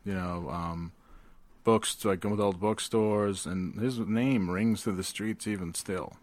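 A man's voice: on the low side, slow pace, no echo. A man co-hosting a podcast in casual comedic chat, riffing and slipping into goofy voices. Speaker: podcast co-host.

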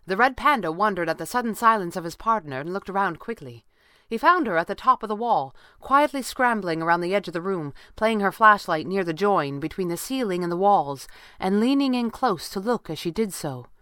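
A woman narrating an adventure story in a steady, measured audiobook style. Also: mid-range voice, clear, resonant tone, dry recording, studio quality.

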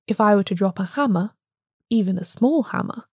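A woman voicing a calm, grave old priest-detective in a storybook reading, speaking quietly and gently. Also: mid-range voice, a little fast, husky, no echo, dull audio.

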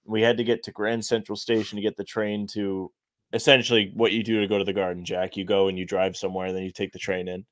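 A man's voice: lowish voice, flat delivery, quick pace, no echo, clean studio sound. A young man co-hosting a podcast, bantering and complaining in a wry, casual way. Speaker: podcast co-host. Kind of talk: casual chat.

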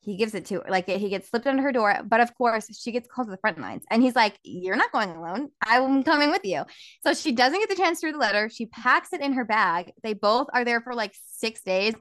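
A woman's voice: a little high, fast, few pauses, dry recording. A woman co-hosting a podcast, eagerly retelling a story in casual chat and filling her sentences with "like". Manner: animated plot retelling, lots of filler "like". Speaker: podcast co-host. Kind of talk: casual book recap chat.

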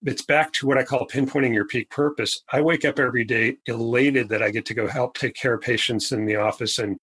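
A man talking as a guest on a podcast interview, an orthopedic surgeon who stresses his key phrases slowly and emphatically. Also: mid-range voice, steady tone, fairly bright tone, husky, rough recording.

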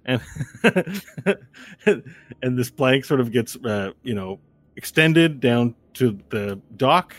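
A man's voice: medium pitch, expressive, slow, no room sound. Rambling male game master. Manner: loose, rambling narration with fillers and sound effects. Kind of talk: narrating a tabletop game.

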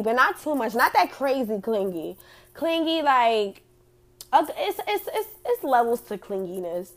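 Blunt, lively-voiced woman host. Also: high voice, unhurried. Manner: blunt, profane and laughing often. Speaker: host reading out audience comments. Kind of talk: casual chat.

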